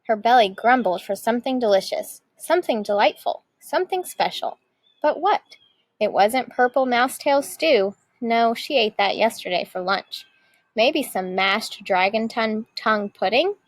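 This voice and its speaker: A woman teacher reading a picture book aloud with lively expression. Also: on the high side, normal speed, no room sound, rough recording.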